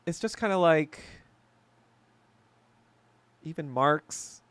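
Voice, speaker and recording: A man's voice: fairly high pitch, lively intonation, slow pace, fairly bright tone, clear, resonant tone, no room sound. A man hosting a solo podcast chat, ranting bluntly and profanely with lots of filler words and abrupt topic jumps. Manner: blunt, jumpy topic changes. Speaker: podcast host. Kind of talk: solo livestream chat, answering viewers.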